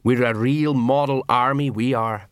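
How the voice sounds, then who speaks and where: A man's voice: medium pitch, steady tone, measured pace, clear, resonant tone, dry recording, clean studio sound, natural voice. A man voicing a tired, middle-aged city watch sergeant in a storybook reading. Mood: weary. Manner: weary.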